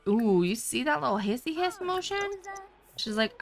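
A woman's voice: a little high, very animated, normal speed, soft background music. Chatty, jokey woman gamer. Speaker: gaming channel host. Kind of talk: casual let's play commentary.

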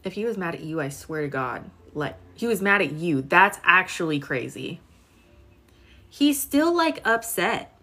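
A woman's voice: lowish voice, sing-song, a little slow, pushed and bright, soft background music. A young woman in her twenties doing a casual live-stream tarot reading, chatty and full of filler words while she talks to viewers. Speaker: tarot reader.

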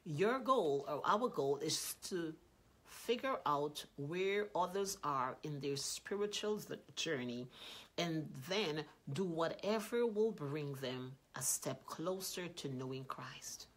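A woman delivers a sermon in a low, slightly husky voice. She speaks earnestly, repeats her points, and lifts her voice when she acts out prayers. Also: lively intonation, slow. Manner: earnest, repetitive, rising loud when quoting prayers. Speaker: preacher.

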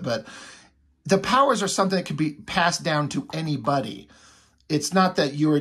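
A man's voice: a little high, a bit bright, slightly rough. A man casually recapping a comic book as a reviewer, rambling with lots of fillers.

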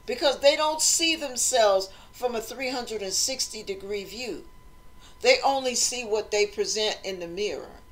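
Woman host, motivational talk, slightly high voice, animated delivery that acts out voices. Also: unhurried. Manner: animated, acts out quoted voices, conversational preaching.

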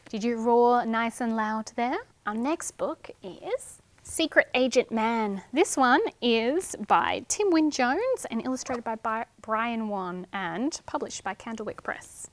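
A woman and children's librarian reading picture books and leading rhymes in an animated, sing-song, clear way. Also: fairly high pitch, slow pace, no room sound.

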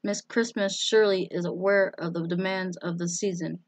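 Prim proper mom, correcting ppl gently, a woman reading. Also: fairly low pitch, fairly even intonation, moderate pace, dry recording.

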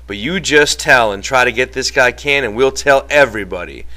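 A man reading an audiobook and voicing a calm, authoritative veteran ranch hand who speaks steadily and firmly. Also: mid-range voice, moderate pace, lightly acted. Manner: steady, commanding.

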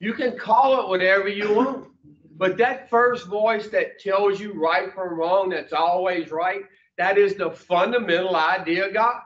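Speaking at a measured pace, a man with a high, fairly bright voice gives a group a blunt, profanity-laced motivational talk. He poses folksy questions to the small audience in the room, captured on a dull, distant mic with a roomy sound.

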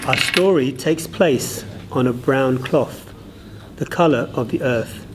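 A man on school staff telling a parable in short, deliberate phrases with long pauses. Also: medium pitch, a little hiss or hum. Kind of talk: storytelling parable.

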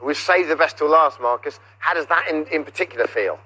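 A man's voice: fairly high pitch, fairly quick, pushed and bright, husky, dull audio. A man hosting a TV show, teasing his guest in a theatrical, playful way. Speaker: TV host. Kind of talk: playful studio presenting.

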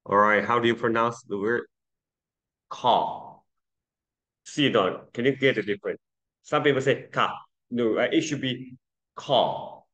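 A man's voice: medium pitch, moderate pace, long pauses, a bit bright. A man teaching English pronunciation to a class, patiently drilling vowel sounds and calling on students. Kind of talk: classroom lesson.

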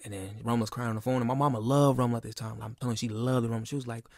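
A man's voice: medium pitch, steady tone, very fast, darkish tone, no room sound, studio quality. A man in his twenties venting in a casual, emphatic, profane monologue that keeps circling back on itself. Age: 20s. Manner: emphatic, profane, repeats himself. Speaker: podcast guest.

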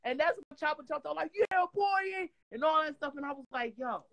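A woman from Detroit tells her story in a casual interview, with a voice pitched a little high. She talks in an animated, profane way. She acts out quotes loudly. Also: fast, rough recording. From Detroit, USA. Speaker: guest.

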